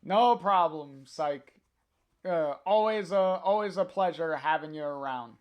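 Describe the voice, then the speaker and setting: A man casually reading a comic aloud on a livestream, halting with many fillers and chuckling to chat. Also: on the high side, clean tone, lo-fi sound.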